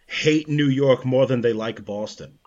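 A man from the United States talking on a casual podcast, animated, swearing and joking at himself. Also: medium pitch, a little slow, lo-fi sound, crowd noise. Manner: animated, swearing, self-mocking jokes. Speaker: guest co-host.

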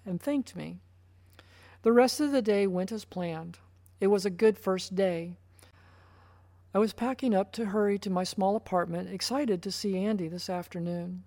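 A woman reading a first-person story aloud in a plain, even narrating voice. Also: lowish voice, normal speed, no echo.

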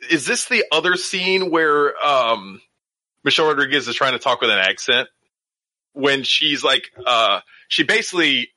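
A man recapping a movie in casual podcast chat, rambling with lots of fillers and quick acted-out quotes. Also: medium pitch, sharp tone, no echo. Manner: rambling, many fillers, acts out characters in quick voices. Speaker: podcast co-host.

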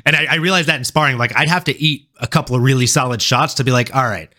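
A male podcast host with a mid-range, bright voice chats in a relaxed way. He agrees readily with his guest and laughs often. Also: medium pitch, quick pace. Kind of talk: casual interview chat.

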